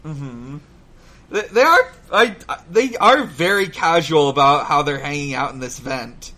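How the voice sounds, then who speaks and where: A man co-hosting a podcast in casual chat, halting with many fillers and restarts, swearing and laughing easily. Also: on the high side, bright, forceful tone. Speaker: podcast co-host. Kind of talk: casual chat recapping a cartoon.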